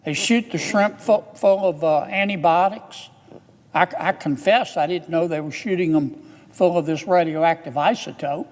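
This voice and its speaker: A man with a Southern US accent speaking earnestly and haltingly in a formal address, stopping often on "uh". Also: fairly high pitch, long reverb tail. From Louisiana. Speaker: public speaker in an archive clip.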